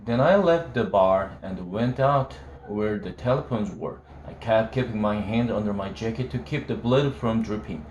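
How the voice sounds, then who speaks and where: A man reading a novel aloud in a slow, conversational first-person telling. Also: lowish voice, expressive, darkish tone, lo-fi sound, a little hiss or hum. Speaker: reader of a novel. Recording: roomy room echo, faint ambience.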